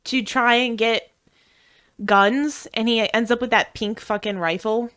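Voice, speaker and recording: A woman co-hosting a podcast in casual chat, telling stories in an animated way and swearing a lot. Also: on the high side, a little slow, clear, resonant tone. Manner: animated, swearing, laughing storyteller. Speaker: podcast co-host.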